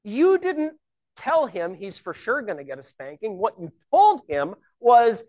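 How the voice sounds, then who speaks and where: Woman teaching scripture with lively pitch. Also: unhurried. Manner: explanatory, rhetorical questions. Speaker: Bible teacher. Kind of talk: Bible teaching.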